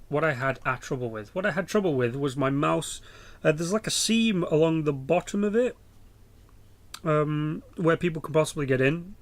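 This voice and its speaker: A young man with an English accent, rambling and swearing through casual game commentary. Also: on the high side. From England. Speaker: gaming YouTuber.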